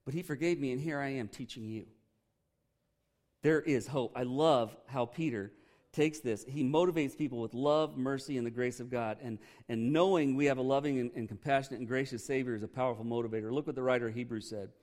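A man's voice: medium pitch, a little fast, a little mellow. A man, a pastor preaching a conversational sermon with candid, joking asides.

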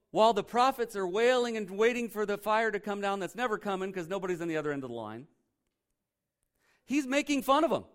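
A man preaching a sermon as pastor, emphatic and animated, often repeating phrases for effect. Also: high voice. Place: church.

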